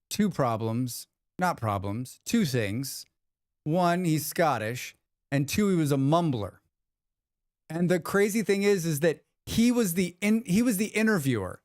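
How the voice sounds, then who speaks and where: In clean studio sound with no room echo, a man with a slightly high voice hosts a livestream. He reads viewer comments and chats casually, joking and rambling with lots of restarts.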